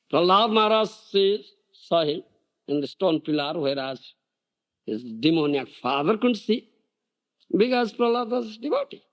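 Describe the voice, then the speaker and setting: An older man teaching a devotional lecture in a high, lively voice that leaps up and down. He speaks slowly, pressing his points with rhetorical questions and ready laughter. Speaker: spiritual teacher.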